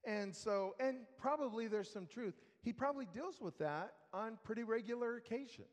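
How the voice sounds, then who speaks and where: A man preaching a sermon, telling a story slowly with dry humor and talking straight to the congregation. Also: very high-pitched, expressive. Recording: long hall reverb.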